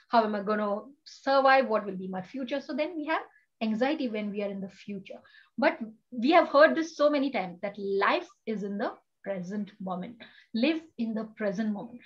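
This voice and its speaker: A woman's voice: fairly high pitch, dull audio. A woman, a yoga and meditation teacher, giving a guided breathing lesson over a video call, earnest and full of rhetorical questions. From India. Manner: earnest, rhetorical questions, frequent "you know".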